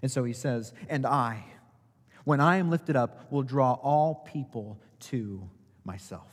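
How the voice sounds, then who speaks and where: A man preaching a sermon as pastor, asking rhetorical questions and swinging between loud emphasis and quiet, low asides. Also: slow pace. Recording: long hall reverb.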